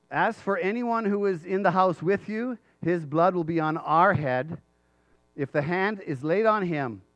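Pastor, male, slightly high voice, earnest preaching, dry close sound. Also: no room sound, highs cut off. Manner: earnest preaching, pauses to read scripture aloud. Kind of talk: sermon.

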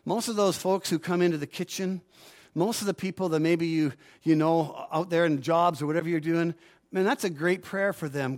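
A man's voice: a little high, moderate pace, a little mellow. A middle-aged man preaching a sermon, earnest and rising into fervent, pleading prayers. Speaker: pastor.

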